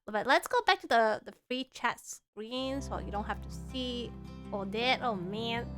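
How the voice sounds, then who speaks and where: A woman's voice: a little high, a little slow, fairly bright tone, faint music behind. A woman VTuber chatting casually on stream, bubbly and rambling, with lots of "like". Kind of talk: casual live-stream chat.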